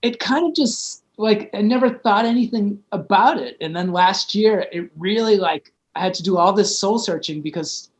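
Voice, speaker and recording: A man's voice: sits high, lively intonation, moderate pace, few pauses. A man, a guest musician and DJ, telling stories in a casual, rambling chat full of fillers.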